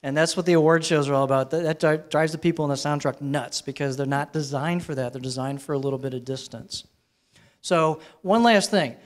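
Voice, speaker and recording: A man leads a live workshop on microphone technique, and his voice sits a little high for a man. He talks in a relaxed, conversational way and turns to the audience with questions. He is heard through handheld and headset microphones in a room with a sound system. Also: brisk. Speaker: presenter teaching microphone technique. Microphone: handheld and headset microphones, switched during demo.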